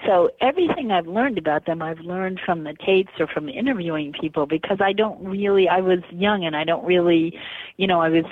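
A woman's voice: fairly low pitch, a little fast, no room sound. A woman guest, an author and historian, chatting in an interview and filling her talk with "you know" asides. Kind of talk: casual phone interview. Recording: dry, tinny phone line.

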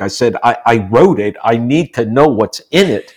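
A man in his sixties from the United States, a guest telling personal stories in a relaxed interview and acting out the quotes. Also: a little fast. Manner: animated storyteller, acts out quotes with rising pitch. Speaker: guest, author. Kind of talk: storytelling in a casual interview.

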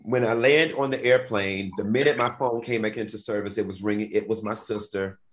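A man's voice: lowish voice, fairly even intonation, brisk. A man co-hosting a casual talk show, telling weekend stories in a flamboyant, playful way. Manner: flamboyant, playful, dramatic storytelling. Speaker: co-host. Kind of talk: casual chat.

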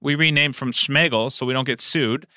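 A man co-hosting a casual chat about running tabletop games, animated and laughing often. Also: mid-range voice, normal speed, smooth, no room sound, clean studio sound. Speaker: podcast co-host and game master.

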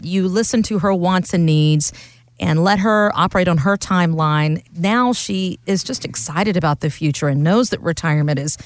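A woman's voice: lowish voice, moderate pace, dry recording. Teasing woman co-hosting a talk show. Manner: warm, teasing, encouraging. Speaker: radio co-host. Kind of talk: casual radio talk show chat.

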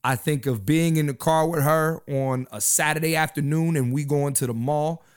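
Male podcast host, high-pitched, casual and slangy, repeats lines for emphasis. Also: fairly even intonation, moderate pace, clear, resonant tone. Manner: loose, slangy, repeats himself. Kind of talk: casual solo podcast chat.

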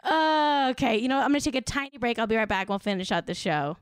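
A woman hosting a comedic gossip show, trading sarcastic jabs for mock-solemn, hushed asides. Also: on the high side, fast, clear, resonant tone, no room sound. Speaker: host.

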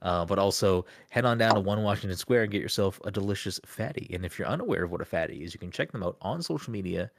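Low-voiced man hosting a casual podcast. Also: animated, quick pace, gravelly, few pauses, no room sound. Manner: swears freely, rambling with restarts. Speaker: podcast host. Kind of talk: casual chat.

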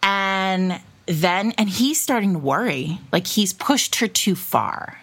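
A woman co-hosting a podcast, chatting casually about a romance novel, animated and laughing often as she acts out dialogue. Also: medium pitch, slow, slightly rough. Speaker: podcast co-host. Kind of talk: casual book discussion.

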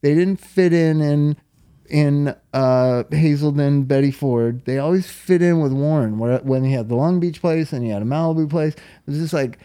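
A man's voice: fairly high pitch, normal speed, mellow, smooth. Profane rambling storyteller, a man. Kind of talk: casual chat.

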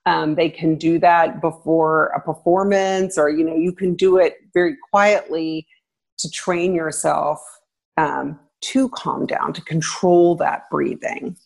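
A woman, a former teacher, giving parenting advice in relaxed conversation, laughing now and then. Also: slow pace, vocal fry. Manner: animated, laughs, acts out quotes with pitch jumps.

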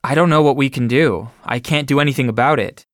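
A man reading a memoir aloud, voicing a stubborn town clerk who speaks in a flat, dismissive way. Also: medium pitch, brisk, dry recording, clean studio sound, lightly acted.

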